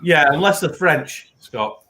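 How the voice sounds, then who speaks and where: Northern English man, high lively voice, animated storyteller, swears a lot. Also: slow pace, heavy background noise. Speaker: guest beer reviewer. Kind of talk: casual live-stream chat.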